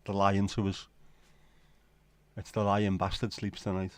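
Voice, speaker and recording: Wry British man, low voice, dry sound. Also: monotone, a little slow, dry recording. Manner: rambling, wry, talks to himself. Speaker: livestream host. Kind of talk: casual late-night chat with viewers.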